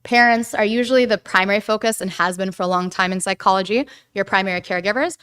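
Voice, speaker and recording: Woman teaching a group, super clear smooth voice, talky and lively, keeps saying right? and like. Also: mid-range voice, fast talker. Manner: chatty, animated, says "right?" and "like" often. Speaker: guest speaker on attachment theory. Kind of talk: casual lecture to a church group.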